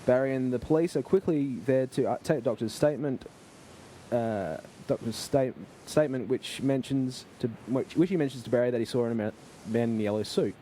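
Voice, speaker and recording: Mellow-voiced male podcast host. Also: mid-range voice, a little hiss or hum. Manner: recapping plot, halting restarts. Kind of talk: casual chat and episode recap.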